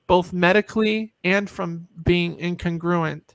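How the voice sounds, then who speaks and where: A woman's voice: fairly low pitch, fairly even intonation, unhurried, no echo. A middle-aged woman on a video call, telling an emotional personal story in a group chat and acting out the voices she quotes.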